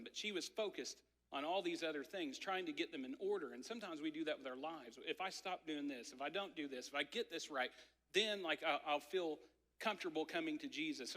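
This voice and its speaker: A man in his thirties preaching a sermon, telling a family story in a conversational, animated way with lots of filler words. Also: on the high side. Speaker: pastor. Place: church sanctuary. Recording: church hall reverb.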